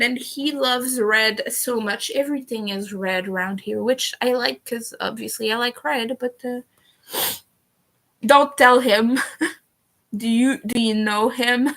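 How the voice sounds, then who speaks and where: A young woman chatting casually on a livestream, giggly, with occasional vocal fry. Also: on the high side, measured pace, fairly bright tone. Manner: chatty and giggly, laughs often. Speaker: streamer.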